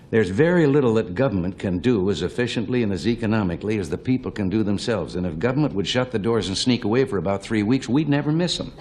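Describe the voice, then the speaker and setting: A man's voice: lowish voice, a little mellow, slight background noise. An older man from the American Midwest, a politician guest talking about government on a talk show in a plainspoken, wry, anecdotal way. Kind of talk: folksy talk-show conversation.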